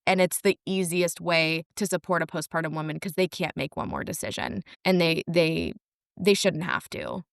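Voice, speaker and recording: A woman's voice: on the low side, animated, normal speed, vocal fry, no echo, clean studio sound. A young woman telling her story in a candid, wry way on a casual podcast.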